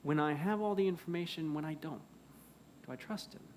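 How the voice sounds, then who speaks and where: A pastor preaching a sermon in a church, earnest, moving between loud emphasis and hushed pleading. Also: male voice, fairly high pitch, a little fast, a little hiss or hum. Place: church sanctuary.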